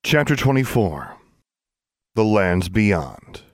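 An audiobook narrator reads a scripted fantasy story aloud in a measured, even manner. His voice is lowish, and the recording is dry and studio quality.

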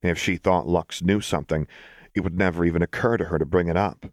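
A man reading a story aloud in calm, measured, scripted narration. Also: deep voice, no room sound, clean studio sound. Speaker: audiobook reader.

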